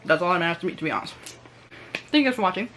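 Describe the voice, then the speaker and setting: A young woman vlogger tells a storytime in casual, slangy language, animatedly acting out what other people said. Her voice is on the low side and rapid-fire, with a little hiss or hum in the background.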